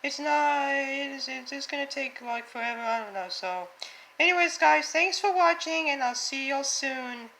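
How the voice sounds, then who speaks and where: A woman hosting her own reaction video, chatting casually and breaking into excitable, gasping exclamations. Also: high voice, unhurried, creaky. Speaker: reaction channel host.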